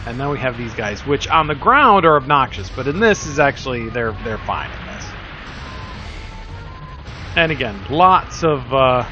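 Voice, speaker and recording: A man's voice: medium pitch, sing-song, moderate pace, bright, forceful tone. An older man hosting a let's play, giving rambling, self-deprecating casual commentary full of fillers. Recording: slightly dull lo-fi sound with faint music.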